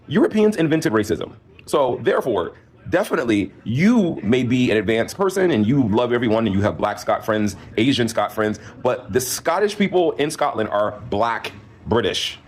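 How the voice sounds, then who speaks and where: A man hosting a commentary video, emphatic and direct, lecturing the viewer. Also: medium pitch. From United States. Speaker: host.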